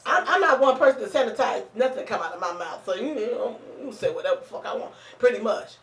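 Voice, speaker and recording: A woman hosting a casual chat show, hoarse and blunt, talking in a fired-up, profane way. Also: on the high side, animated, fast talker. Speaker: talk show host. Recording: roomy, distant mic.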